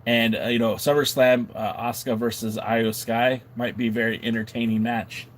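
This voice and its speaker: In a mid-range voice at normal speed, a man hosts a wrestling podcast livestream with a little hiss or hum in the audio. He chats casually and reads viewer comments, animated, joking, and playfully indignant.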